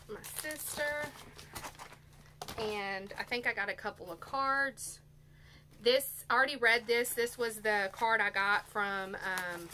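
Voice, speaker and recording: A middle-aged woman with a drawl chats through a gift haul, teary and heartfelt. Her voice is bright and clear over a faint hum. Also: fairly high pitch. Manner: warm, chatty, heartfelt. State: teary and emotional. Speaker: vlogger. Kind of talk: casual haul chat to viewers.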